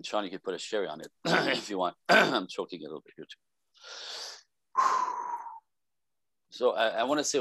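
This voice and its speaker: A man's voice: sits low, no echo. A man who is a podcast guest on a video call gives passionate, rambling relationship advice with frequent sighs. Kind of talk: casual advice talk.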